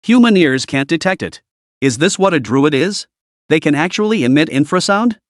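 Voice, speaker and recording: Man, story recap narrator, scripted reading, lively pitch, dry close sound. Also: moderate pace, no room sound.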